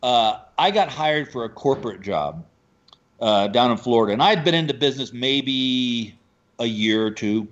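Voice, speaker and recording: A man from Texas, a stand-up comedian telling animated stories about his gigs in a casual chat. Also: medium pitch, normal speed, lo-fi sound. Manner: animated storyteller, acts out quoted voices.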